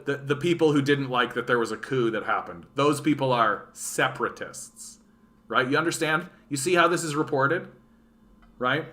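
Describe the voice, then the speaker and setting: A man from Canada riffing through a casual political rant, bright and sharp in tone. He reads news items aloud and reacts with sarcasm and swearing. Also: medium pitch. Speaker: political commentary streamer.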